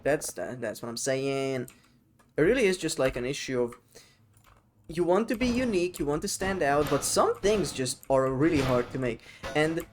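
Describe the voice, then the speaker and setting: A man's voice: on the high side, a little hiss or hum. Rambling, casual male game streamer. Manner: rambling, swears freely, answers chat. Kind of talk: casual live-stream chat while gaming.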